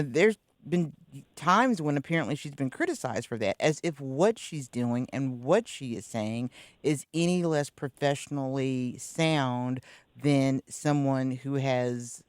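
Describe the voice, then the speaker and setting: A woman from Kansas City hosting a radio interview, talking in a thoughtful, relaxed way and sometimes searching for words. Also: a bass voice, clean tone, no room sound, studio quality. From Kansas City, USA. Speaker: radio host.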